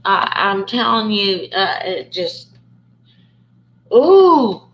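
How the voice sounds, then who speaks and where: Slow-talking woman in an echoey room. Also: mid-range voice, muffled recording. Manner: warm, chatty, many fillers and restarts. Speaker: host. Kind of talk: casual chat on a call. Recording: echoey room, faint ambient noise.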